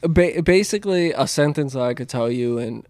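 A man's voice: animated, moderate pace, no echo, studio quality. Swearing, laughing storyteller man. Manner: storytelling, acts out coworkers with loud high quotes, laughs a lot, swears freely. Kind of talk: casual chat.

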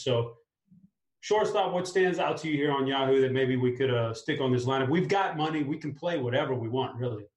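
A man hosting a casual fantasy sports chat, upbeat and talking his picks through out loud. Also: fairly high pitch, reverberant, poor audio. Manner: upbeat, talks through a lineup aloud. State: clearing a tickle in his throat. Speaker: fantasy sports show host.

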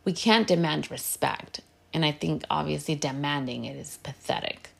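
A woman's voice: deep voice, moderate pace, creaky. A woman speaking in an earnest, direct coaching tone about everyday habits, sometimes slipping into Spanish phrases. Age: adult with a partner and kids. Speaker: podcast host giving advice. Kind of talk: casual advice talk.

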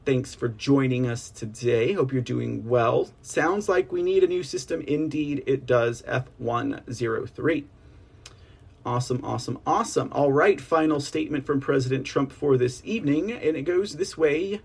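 A man hosting an online political news livestream, rambling casually, reading statements aloud and speaking to viewers as ladies and gentlemen. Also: mid-range voice, normal speed, vocal fry, husky. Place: home setup on a slow connection.

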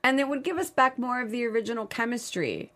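An animated, wry woman co-host. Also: a little high, fast talker. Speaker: podcast co-host. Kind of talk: casual fan panel chat.

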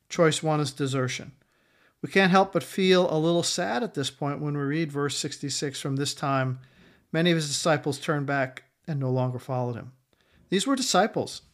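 A man preaching a sermon as a pastor, emphatic and given to repeating key lines for effect. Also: a little high.

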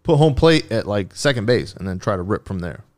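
Low-voiced man bantering on a podcast. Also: animated, fairly quick. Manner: profane, rambling, jokey. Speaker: podcast host.

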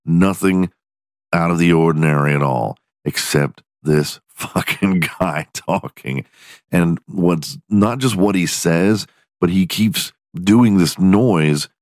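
A man's voice: low-pitched, a little slow, no echo, studio quality. A man hosting a podcast, giving crude comedic commentary, swearing freely and laughing often as he mocks a clip. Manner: profane, laughing often, mocking. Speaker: podcast host.

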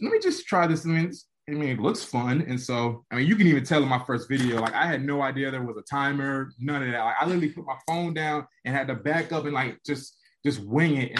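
A young man, a college football player, telling a casual story as a podcast guest and acting out quotes in an animated way. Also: a little hiss or hum. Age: young adult. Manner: animated, acts out quotes with jumps in pitch.

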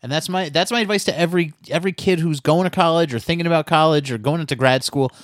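A man co-hosting a casual podcast, giving animated, profane opinions and advice. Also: fairly high pitch, fast, no echo, clean studio sound. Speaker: podcast co-host.

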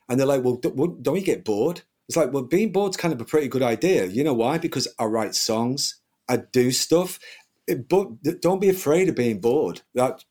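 A middle-aged man, a guest musician, talking casually in a rambling, animated way with many restarts. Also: medium pitch. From England. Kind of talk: casual conversation.

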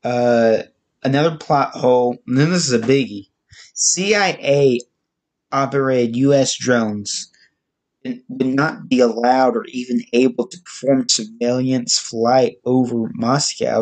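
A man giving a casual, halting spoken movie review, listing facts with frequent restarts. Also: mid-range voice.

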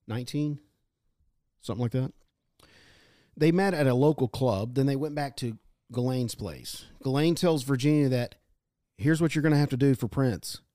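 A man co-hosting a casual podcast, reading notes aloud and telling a story in an animated way. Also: medium pitch, no echo, studio quality. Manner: animated storytelling, puts on quoted voices.

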